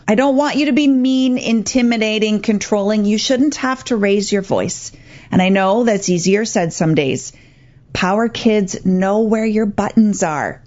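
A woman's voice: medium pitch, a little mellow. A woman hosting a radio talk show with parenting advice, earnest and acting out parent and child lines. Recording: dull lo-fi radio broadcast.

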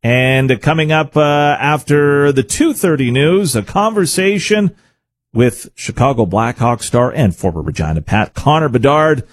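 Lively radio host. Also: male voice, medium pitch, a little slow. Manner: smooth announcer delivery with promos. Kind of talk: radio host segment wrap-up.

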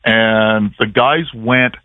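A man's voice: lowish voice, very slow, dry recording. Man on a tinny phone line. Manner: chatty storyteller, animated, self-mocking. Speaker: play-by-play broadcaster, phone guest. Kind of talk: casual radio interview.

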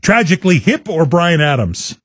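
A man's voice: fairly high pitch, moderate pace, slightly rough, no room sound, studio quality. A man hosting a casual chat, quizzing his guest and laughing along. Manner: lively, laughing quizmaster. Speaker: host.

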